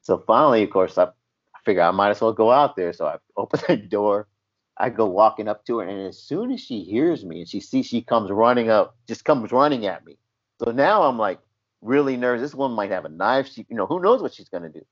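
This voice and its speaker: A man's voice: on the low side, brisk. A man who used to be a paramedic, chatting casually and telling a story animatedly, acting out the voices in it. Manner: animated, acts out voices in his stories. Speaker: former paramedic telling stories. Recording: dull lo-fi audio.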